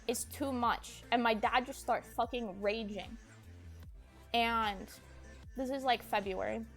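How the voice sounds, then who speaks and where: A woman streamer telling a personal story in a rambling way, with lots of "like" and frequent restarts. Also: a little high.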